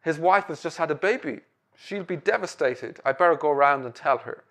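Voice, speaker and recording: A somber male factory manager delivers bad news in a quiet, solemn tone, as a man tells him in a joke. The voice stays close to his own. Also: a little high, lively intonation, a little fast.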